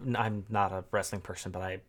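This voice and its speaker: A man co-hosting a casual podcast, talking through game lore with halting, filler-heavy speech. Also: low voice, little pitch movement, fairly bright tone. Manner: halting, many fillers, thinks aloud. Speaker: podcast co-host.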